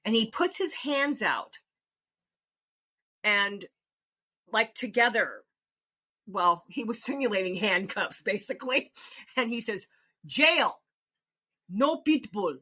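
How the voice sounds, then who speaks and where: A woman casually telling a funny personal story, animated and laughing often as she acts out her own reactions. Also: mid-range voice, takes it slowly, pauses often, breathy edge. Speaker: storyteller host.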